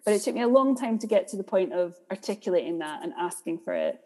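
Very animated and fast, this Scottish theatre director talks with a mid-range, slightly mellow voice as a podcast interview guest. She reflects candidly, thinking out loud with lots of ums, and long hall reverb surrounds the recording.

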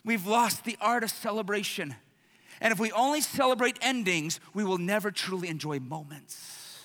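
A man pastor preaching a sermon in a church, emphatic and repetitive, building up to shouts. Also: sits high, lively intonation, moderate pace. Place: church sanctuary. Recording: long church reverb.

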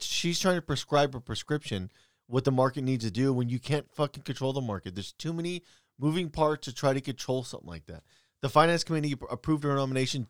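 A man's voice: mid-range voice, no room sound, studio quality. A man co-hosting a casual podcast, ranting bluntly and profanely about politics. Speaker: podcast co-host.

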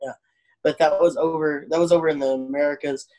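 Crowd noise surrounds a comedian from Arkansas who speaks fairly quickly in a slightly high voice with a Southern accent. He tells stories in casual chat, animated as he acts out the people he quotes.

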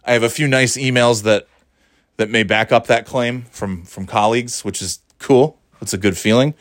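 A man's voice: medium pitch, normal speed, dry recording, clean studio sound. A middle-aged man talking in a casual, rambling monologue, profane and sardonic, often restarting his sentences.

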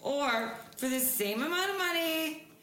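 Woman co-host, higher voice, brash and foul-mouthed, in an echoey room with faint hiss. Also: lively intonation, a little slow, pushed and bright. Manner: brash, profane, ranting. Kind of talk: casual chat.

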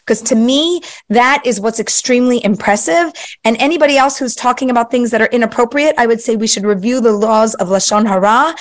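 A woman's voice: on the high side, a little fast. A middle-aged woman, a matchmaker answering interview questions in an earnest, effusive way, sprinkling in Hebrew and Yiddish words.

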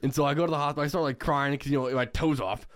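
A man's voice: a little high, steady tone, very fast. A young man co-hosting a podcast, telling a story casually, swearing a lot and laughing often. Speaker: podcast co-host.

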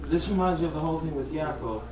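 Man student asking questions, halting, far from the mic, loud crowd behind. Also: fairly high pitch, echoey room.

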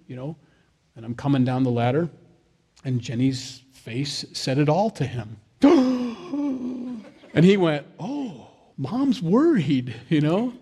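A man's voice: mid-range voice, darkish tone. A man, a father of young kids, preaching a sermon in a conversational way, with jokey asides and acted-out quotes. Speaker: pastor.

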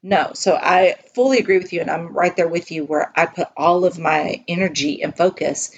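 A woman's voice: lowish voice, moderate pace, breathy edge, muffled recording. Frank Texan woman in her forties. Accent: Texan Southern US. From Texas, US. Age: 40s. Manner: frank and animated, swears freely. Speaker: podcast co-host. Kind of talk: candid casual chat.

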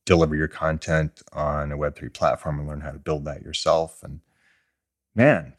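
A man hosting a podcast interview in relaxed conversation, often restarting his phrases. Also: extremely low pitch, moderate pace, no room sound, studio quality. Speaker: podcast host. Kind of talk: casual interview chat.

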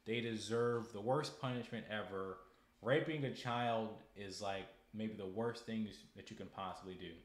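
A young man with a fairly low voice talks through a casual podcast monologue, stumbling over and repeating words as he turns preachy and heated. His voice rings around an echoey room. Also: normal speed. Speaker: podcast host.

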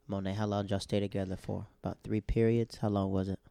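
A young man from North Carolina hosting a casual podcast chat, asking questions and telling stories in an easygoing, animated way. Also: fairly low pitch, fast, gravelly, no room sound. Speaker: podcast host.

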